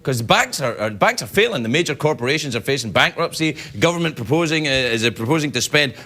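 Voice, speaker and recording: A middle-aged man hosting a late-night talk show, telling comic stories in an animated way and slipping into other people's voices. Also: medium pitch, quick pace. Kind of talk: late-night comedy monologue. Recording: studio audience laughter and loud noise behind.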